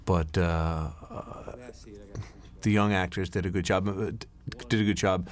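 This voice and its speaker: Middle-aged man, very low voice, rambling director's commentary with lots of uhs and restarts. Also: steady tone, a little slow. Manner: rambling, anecdotal, many fillers and restarts. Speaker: film director. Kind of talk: DVD commentary.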